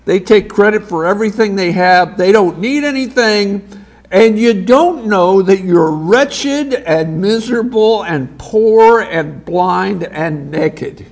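A man preaching a sermon as pastor, reading scripture aloud with emphatic pauses. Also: high-pitched, creaky.

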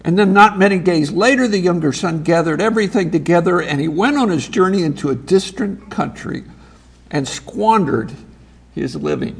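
A pastor delivers a sermon in a high, gravelly voice. He reads scripture aloud and pauses for emphasis. His delivery is deliberate and emphatic. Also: lively intonation.

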